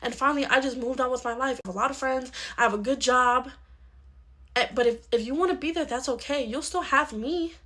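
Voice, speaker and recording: A woman's voice: high voice, a little fast. A woman playing a blunt adult uncle who is a lawyer, lecturing and reasoning in a home-video skit. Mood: gently reasoning. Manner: lecturing, scolding, then gently reasoning. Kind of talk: comedy skit role-play.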